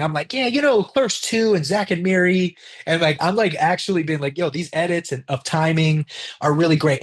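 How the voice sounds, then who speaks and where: A man's voice: medium pitch, slightly rough. A man talking casually in an interview about directing his film, loose and chatty, swearing now and then and acting out what others said.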